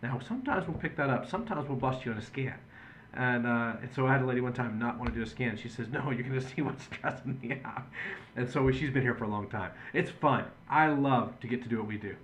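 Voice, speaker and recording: A chiropractor speaks earnestly in a patient education video, explaining things to patients through conversational storytelling. His voice is medium-pitched, fast and a bit bright, with a little hiss or hum.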